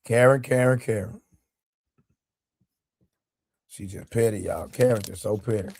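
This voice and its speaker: A man's voice: on the low side, a little slow, darkish tone, no echo, clean studio sound. A man hosting a casual live stream, joking loosely and greeting his viewers by name. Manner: loose, joking, talks straight to his chat. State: sore leg, eating during the stream. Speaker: livestream show host.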